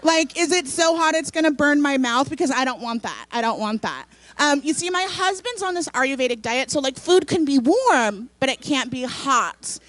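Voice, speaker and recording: A woman's voice: high-pitched, lively intonation, moderate pace, fairly bright tone. A woman voicing a fussy, anxious big-city diner who nitpicks her order. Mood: fretful.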